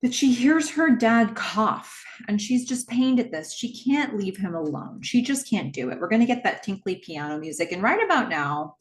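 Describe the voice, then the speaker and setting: A young adult woman casually recapping a horror movie plot, slowing down for the dramatic beats. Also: medium pitch. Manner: expressive storyteller, slows for dramatic moments.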